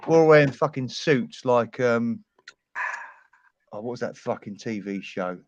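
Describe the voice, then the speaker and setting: A man from the East End with an East London accent, chatting on a livestream and telling relaxed stories. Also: mid-range voice, unhurried, slight background noise. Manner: relaxed storyteller, easygoing. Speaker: guest on a livestream. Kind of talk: casual chat. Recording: dry, dull lo-fi sound.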